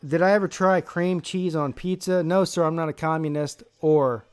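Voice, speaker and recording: A man's voice: fairly high pitch, fairly even intonation, normal speed, darkish tone, clean tone. A man from South Carolina hosting a live football draft stream, brash, profane and joking in casual commentary.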